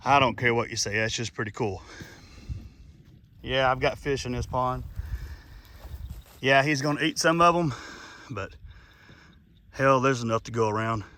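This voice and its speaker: A man's voice: mid-range voice, unhurried, pauses often, sharp tone, a little hiss or hum. A middle-aged man hosting a casual nature vlog outdoors by a pond, talking in a folksy, rambling way. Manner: folksy, chatty, rambling with fillers. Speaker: channel host.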